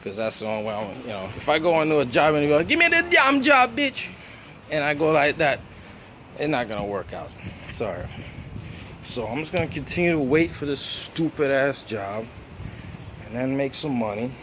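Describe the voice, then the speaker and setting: A man's voice: medium pitch, animated, a little fast, noisy background. An American man, raised speaking Jamaican patois, in a rambling, profane vlog monologue full of fillers. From United States.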